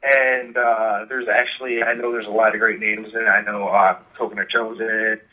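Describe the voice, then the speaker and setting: A man's voice: lowish voice, level tone, moderate pace. Rambling man on a tinny phone line. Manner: rambling storyteller, many fillers. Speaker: guest, wrestler. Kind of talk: casual phone interview.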